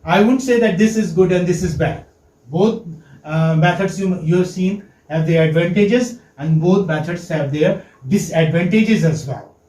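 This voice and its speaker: High-voiced lecturer, echoey room. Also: male voice, darkish tone. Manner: asks the class questions and praises answers, repeats points. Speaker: English teaching lecturer. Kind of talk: classroom lecture. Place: classroom. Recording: echoey classroom.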